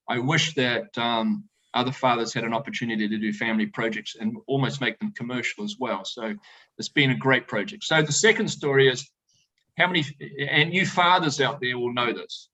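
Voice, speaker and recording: A middle-aged man, a winemaker, telling animated, joking stories to a tasting audience over a video call. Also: mid-range voice, muffled recording. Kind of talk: storytelling talk to a tasting audience. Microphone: video call presentation.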